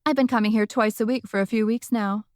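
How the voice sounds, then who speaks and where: A woman's voice: fairly high pitch, steady tone, fast talker, darkish tone, no room sound, studio quality, voice pushed up, close to an everyday voice. A woman voicing a scheming middle-aged witch who heckles, with a teasing, smug manner, in an audiobook reading. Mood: sly.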